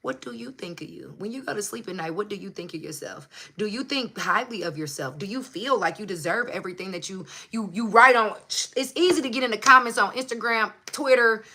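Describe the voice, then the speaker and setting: A motivational channel host delivers a casual livestream pep talk from home under a hot light, recorded on her phone. She is passionate and emphatic, swears freely, and repeats herself for effect. Her mid-range voice is brisk and sharp.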